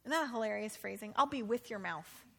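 A woman preacher giving a sermon, animated and humorous, with playful asides. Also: medium pitch, brisk, gravelly.

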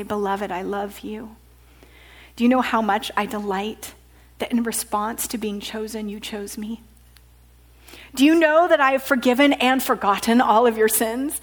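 A woman pastor preaching a sermon, often dropping to a hushed whisper. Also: fairly high pitch.

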